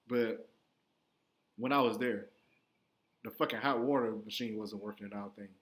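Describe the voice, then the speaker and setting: A man's voice: mid-range voice, a bit bright. A young man telling stories in a casual, profane monologue, acting out both sides of each conversation. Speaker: storyteller.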